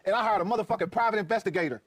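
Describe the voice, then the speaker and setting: A man's voice: high-pitched, rapid-fire, a bit bright, dry recording. A middle-aged man, a guest comedian, riffing and telling profane stories with emphatic, preachy repetition.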